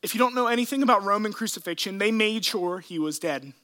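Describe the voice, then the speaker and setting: A man preaching a sermon, retelling scripture in an earnest, emotional way with dramatic pauses. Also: high voice, animated, pushed and bright. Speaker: pastor.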